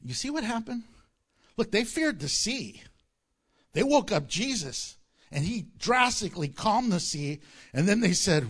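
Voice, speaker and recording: An animated male pastor preaching with a high-pitched voice that swings widely up and down. He reads scripture aloud, then drops into playful asides and acts out the lines he quotes. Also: takes it slowly, pauses often, husky. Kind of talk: sermon.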